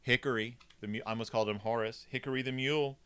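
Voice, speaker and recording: A man's voice: medium pitch, steady tone, fast, fairly bright tone, clear, resonant tone. A man hosting a comedic review of a children's book, talking in a snarky, rambling way.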